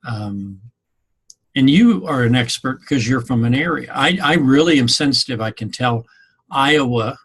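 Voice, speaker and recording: A man's voice: mid-range voice, animated, normal speed, fairly bright tone, slightly rough. A man giving a rambling, conversational class talk to his students. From Missouri, USA. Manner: rambling, conversational, with many ums. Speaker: instructor. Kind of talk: informal recorded class talk.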